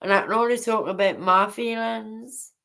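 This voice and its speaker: A woman hosting a casual livestream chat, speaking haltingly and repeating herself. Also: fairly high pitch, fairly even intonation, creaky, a bit bright. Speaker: livestream host.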